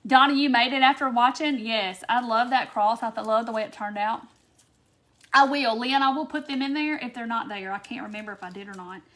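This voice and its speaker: A woman's voice: a little high, fairly quick, fairly bright tone. A woman hosting a casual live-stream craft demo, chatty and gushing as she reads viewer comments aloud. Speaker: craft tutorial host.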